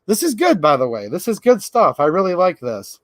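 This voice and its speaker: Fired up guy on a livestream, kinda high voice, dry close sound. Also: sing-song, fairly quick, fairly bright tone, no echo. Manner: fired up, emphatic. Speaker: livestream host. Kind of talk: casual livestream talk.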